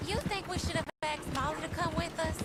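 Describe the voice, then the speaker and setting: A woman's voice: very high-pitched, fairly even intonation, brisk. An actress playing an outlaw woman with wry, affectionate teasing, as video game dialogue. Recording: game audio under loud hoofbeat noise. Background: horse hooves.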